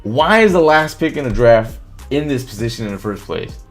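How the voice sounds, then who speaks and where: A man's voice: medium pitch, moderate pace. A man hosting a live stream, talking casually about football, swearing freely and reacting to chat comments, with faint music behind him. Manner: animated, swears, reads chat comments aloud.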